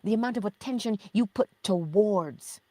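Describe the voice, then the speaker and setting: A woman's voice: medium pitch, normal speed, warm tone, no echo. A middle-aged woman hosting a spiritual teaching livestream, reading viewer chat, affectionate, laughing often and slipping into whispers.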